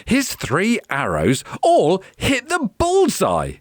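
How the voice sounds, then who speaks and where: A woman reading a children's picture book aloud in an expressive storytelling manner. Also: medium pitch, slow pace, no echo, studio quality.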